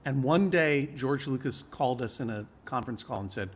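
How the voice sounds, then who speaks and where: A man's voice: mid-range voice, moderate pace, slightly rough. Wry rambling man telling stories. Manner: wry, rambling storyteller with frequent laughs. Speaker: guest. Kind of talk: casual live chat.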